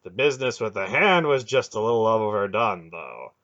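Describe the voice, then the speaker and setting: A man's voice: on the low side, animated, normal speed, fairly bright tone, highs cut off. A man voicing an old male sorcerer, a grandfather with a dry, wry way of speaking.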